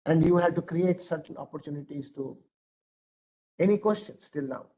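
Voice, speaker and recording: A man's voice: a little high, normal speed, dark tone, slight background noise, rough recording. A middle-aged man with an Indian English accent, lecturing adults as a trainer in an earnest, emphatic way. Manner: earnest, emphatic, repeats phrases.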